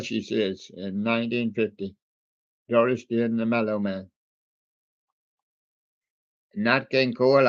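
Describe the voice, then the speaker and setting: A man drifts through a playlist at an unhurried pace, trailing off into ums and small jokes. His voice sits in a middle register. The sound is muffled and lo-fi, like a home stream. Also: medium pitch, steady tone. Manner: slow, rambling and jokey, with many ums and asides. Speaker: livestream host reading out a music playlist. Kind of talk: casual running commentary between old songs.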